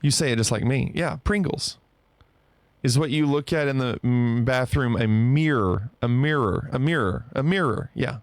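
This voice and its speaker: A man's voice: mid-range voice, moderate pace, no room sound. A man streaming live, chatting casually and playfully with his viewers. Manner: playful, bantering about pronunciation.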